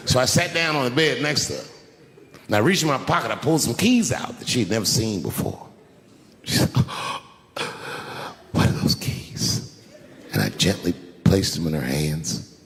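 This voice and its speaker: A man doing a stand-up comedy set on stage, telling stories in an animated way and acting out other people's lines. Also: mid-range voice, moderate pace, vocal fry. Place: theater stage before a live audience. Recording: live stage recording with crowd and hall echo.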